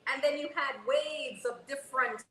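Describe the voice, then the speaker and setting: A woman in her forties co-hosting a casual panel chat, an animated storyteller who keeps checking in with "okay?". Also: high-pitched, normal speed, echoey room, poor audio. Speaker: co-host.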